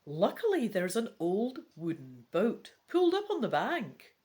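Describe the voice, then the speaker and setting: A woman's voice: mid-range voice, wildly swooping pitch, a little slow, a little mellow. Chatty Scottish woman reading a gamebook. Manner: chatty and wry, casual swearing. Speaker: gamebook reader. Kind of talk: reading a gamebook aloud with commentary.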